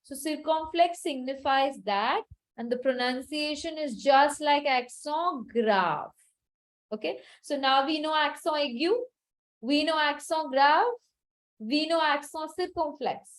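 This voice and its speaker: High-voiced, slow, patient woman teacher. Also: rough recording. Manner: slow, patient, repeats each word for drilling. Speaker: French teacher. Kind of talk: online class teaching.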